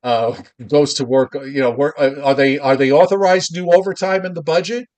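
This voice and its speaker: A man's voice: fairly high pitch, fairly even intonation, normal speed, a little mellow. A man co-hosting a live weather podcast, chatting casually with a sarcastic, joking manner. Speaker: podcast co-host.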